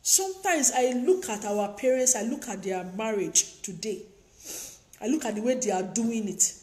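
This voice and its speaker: A woman's voice: fairly high pitch, animated, normal speed, darkish tone. Preachy woman, echoey room. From Africa. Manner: emphatic and preachy, repeats lines for effect. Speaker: advice vlogger. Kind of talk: lecturing advice monologue.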